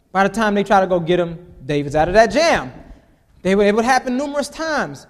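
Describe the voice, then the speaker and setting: A man's voice: high-pitched, expressive, a little fast, big-room sound. A man preaching a casual sermon, reading scripture aloud and adding chuckling, conversational asides.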